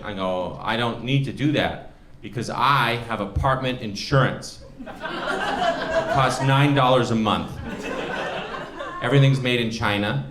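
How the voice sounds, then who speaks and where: A man doing a stand-up set, rambling and self-deprecating, building to loud rants. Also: medium pitch, very animated, measured pace, long pauses. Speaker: stand-up comedian. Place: comedy club stage. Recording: roomy club sound from far off. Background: audience laughter.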